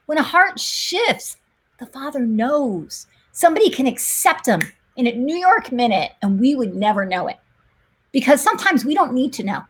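A woman, a missionary nurse and guest, telling faith stories in conversation, animated and fervent, laughing often. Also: sits high, moderate pace, breathy edge. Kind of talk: emotional faith storytelling in conversation.

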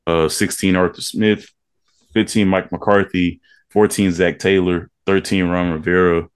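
A man co-hosting a podcast in casual chat, reading out a long ranked list in an easygoing, steady drone. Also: sits low, unhurried, clear, resonant tone. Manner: laid-back, reads a list in a steady drone. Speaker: podcast co-host.

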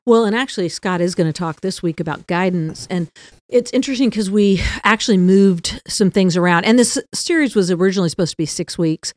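A woman hosting a faith podcast, speaking in a relaxed, conversational way. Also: medium pitch, brisk, hardly any pauses, dry recording. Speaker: podcast host.

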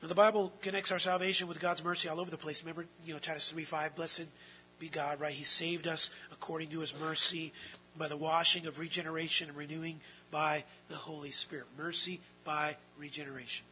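A man preaching a sermon, swinging between hushed, drawn-out phrases and loud, emphatic ones. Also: fairly high pitch, level tone, slight background noise, low-quality recording. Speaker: pastor.

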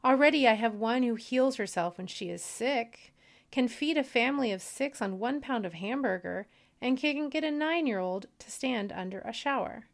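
A woman's voice: on the high side, expressive, normal speed, voice pushed up. A woman voicing God as a patient, weary male creator while reading a story aloud. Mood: fond.

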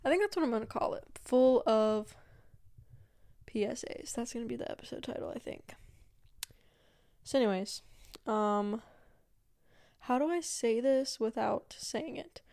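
A young woman hosting her own podcast, chatting casually and meandering with lots of fillers and asides, sometimes dropping to a quiet murmur. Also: fairly high pitch, animated, moderate pace, gravelly. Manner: yawning, drops to a quiet murmur at times. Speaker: podcast host. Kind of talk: casual solo chat.

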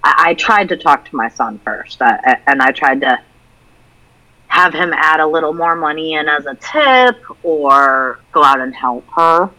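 A woman's voice: deep voice, measured pace, poor audio. A middle-aged woman co-hosting a casual recovery podcast, telling a family story and acting out the voices of the people in it. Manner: animated storyteller who acts out quoted voices. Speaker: podcast co-host.

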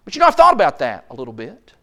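A man's voice: fairly high pitch, wildly swooping pitch, racing, pushed and bright. A man preaching a sermon from a church pulpit, building rhetorical questions and acting out mock quotes from others. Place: church sanctuary. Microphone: pulpit microphone.

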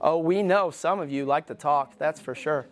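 A middle-aged man preaching a sermon as pastor in a church, emphatic, with pauses, and acting out the voices he quotes. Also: a little high, a crowd in the background. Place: church sanctuary.

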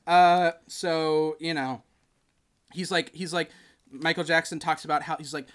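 Man, podcast host, casual chat, slightly high voice, animated storytelling. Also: unhurried. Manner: animated storytelling, acts out quotes.

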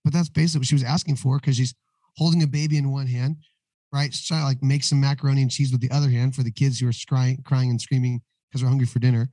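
A man with a hoarse voice, talking candidly as a guest in a casual podcast interview, telling a personal story. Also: mid-range voice, level tone, fast, dark tone, dry recording, poor audio. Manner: candid, storytelling, acts out dialogue. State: hoarse, voice recovering after losing it. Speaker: guest, recovery ministry co-founder.

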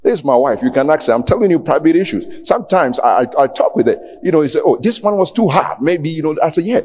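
A man's voice: fairly high pitch, expressive, fast, darkish tone, a little hiss or hum. A man preaching a sermon as pastor, challenging and pleading with the congregation and rising to emphatic peaks. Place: church. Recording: long hall reverb.

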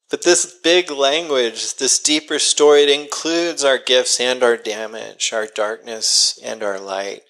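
Earnest, self-deprecating pastor preaching. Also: male voice, mid-range voice, bright, forceful tone, rough recording. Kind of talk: sermon.

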